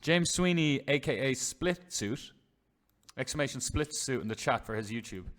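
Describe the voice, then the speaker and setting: Animated man streaming poker. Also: mid-range voice, moderate pace. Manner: chatty, swears freely, addresses chat as lads. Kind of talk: live poker commentary.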